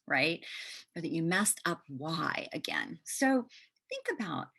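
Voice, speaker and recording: A woman hosts a casual self-help talk with a lively, swooping delivery. Her voice is gravelly and a bit husky, and it sits on the low side. She keeps it gentle and conversational. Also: a little slow. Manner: gentle, conversational, often asks "right?". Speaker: podcast host.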